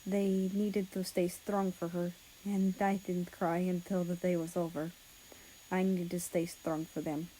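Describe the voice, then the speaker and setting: A woman reading the part of a grieving young male nurse, speaking softly and haltingly. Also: fairly low pitch, little pitch movement, slight background noise, natural voice, rough recording. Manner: soft, hushed, halting.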